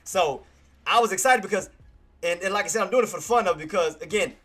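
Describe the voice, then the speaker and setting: A male streamer giving live trading commentary, excitable, repetitive and quick to apologize. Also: high-pitched.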